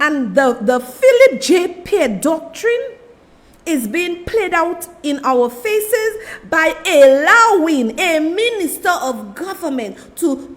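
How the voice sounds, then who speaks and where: A woman with a Saint Lucian accent hosting a political talk show, delivering impassioned commentary and talking straight to her audience. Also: high voice. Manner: impassioned, repeats "let me tell you", addresses the audience as "people".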